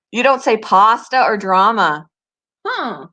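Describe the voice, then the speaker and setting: A woman's voice: mid-range voice, pushed and bright. A woman from Canada with a Canadian accent, chatting casually on a live stream, giggly and answering viewers' comments. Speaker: pet channel host.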